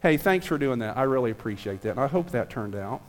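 A man's voice: mid-range voice, lively intonation, fast talker. An American man in his fifties, a visiting pastor, preaching a friendly, earnest sermon to a small church. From United States. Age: 50s. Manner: friendly, joking with the crowd, then earnest preaching.

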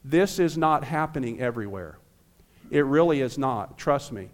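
A man's voice: mid-range voice, expressive, normal speed. An American man in his fifties, a visiting pastor, preaching a friendly, earnest sermon to a small church. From United States. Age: 50s. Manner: friendly, joking with the crowd, then earnest preaching.

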